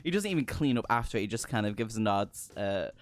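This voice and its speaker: A man running a tabletop game as game master, narrating in a relaxed, rambling way. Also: fairly low pitch, fast. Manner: relaxed, many fillers and restarts.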